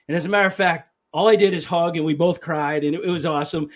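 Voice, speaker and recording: A man's voice: on the high side, fairly even intonation, quick pace, few pauses. A man in his fifties, a chiropractor guest, telling a personal story in an earnest, emotional way and often quoting himself. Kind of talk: storytelling interview answer.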